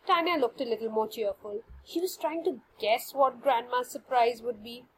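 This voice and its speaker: A woman reading a children's story aloud in an expressive, animated way. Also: on the high side, normal speed, slight background noise, rough recording.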